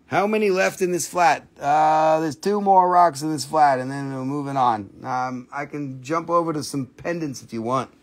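With a fairly high voice at a moderate pace and few pauses, this Appalachian American host keeps his live online sale lighthearted, joking and playing with words in a goofy, casual way.

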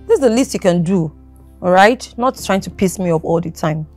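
A woman's voice: on the low side, lively intonation, a little fast, a little mellow, faint music behind. An actress playing a demanding young girlfriend with a Nigerian accent who nags and bosses her jobless man. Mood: irritated. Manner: nagging, bossy.

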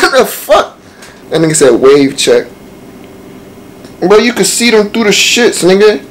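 Brash high-voiced young man roasting strangers. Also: sing-song, measured pace, a little hiss or hum, low-quality recording. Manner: brash, profane slang banter with frequent laughter. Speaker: streamer on a random video chat app. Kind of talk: casual chat, roasting strangers.

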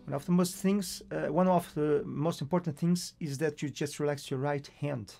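A man's voice: fairly high pitch, steady tone, normal speed, creaky. A man from Portugal with a Portuguese accent, teaching a guitar lesson and counting beats patiently. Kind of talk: guitar tutorial. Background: acoustic guitar playing.

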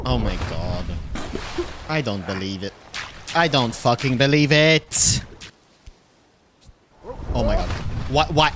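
A man's voice: mid-range voice, slow, pauses often, a bit bright, slight background noise. A man giving casual let's-play commentary, exasperated and swearing as he pleads with his game character. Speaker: gaming video host.

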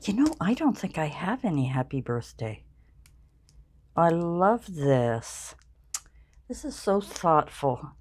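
A woman in her sixties with a low-pitched voice talks unhurriedly to her viewers, unpacking gifts and remarking on each one. Her delivery is chatty and effusive, with long pauses while she thinks. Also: sing-song, husky. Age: 60s. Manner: slow, chatty and warmly effusive, musing aloud while opening gifts. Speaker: craft channel vlogger. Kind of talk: casual unboxing chat.

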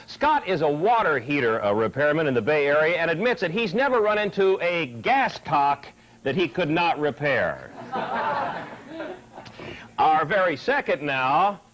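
A man's voice: fairly high pitch, very animated, unhurried, a bit bright, dull audio. Hammy folksy talk show host, man.

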